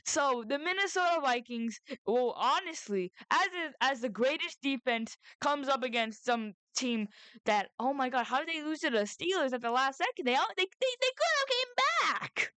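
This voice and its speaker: A young woman talks through her football picks in a loose, rambling way, cutting herself off and doubling back with jokes. Her voice sits a bit high and sounds dry and close through a headset mic. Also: lively intonation, moderate pace, a bit bright, no echo. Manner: rambling, self-interrupting, jokey asides. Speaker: sports predictions vlogger. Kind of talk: casual chat with mock phone call and bits. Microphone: headset or headphone mic.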